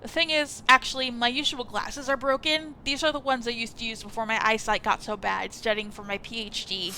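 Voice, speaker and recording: A woman's voice: fairly high pitch, fairly even intonation, brisk, pushed and bright, slight background noise. A woman voicing an awkward, apologetic male sociologist landlord who rambles and stammers, reading a visual novel aloud. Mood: fawning.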